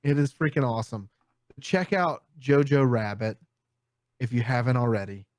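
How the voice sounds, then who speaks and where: A man co-hosting a podcast in casual chat, trading quick banter and laughing asides. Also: medium pitch, no echo, studio quality. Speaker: podcast co-host. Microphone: studio mic.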